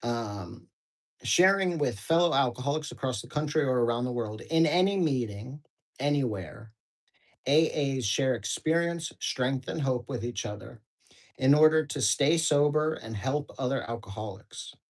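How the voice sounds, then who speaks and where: American man, study-group host, loose and chatty, mid-pitch, swears casually. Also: lively intonation, moderate pace, low-quality recording. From United States. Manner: casual, rambling, swears freely, many fillers. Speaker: host of a daily book study. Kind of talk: reading aloud with casual commentary.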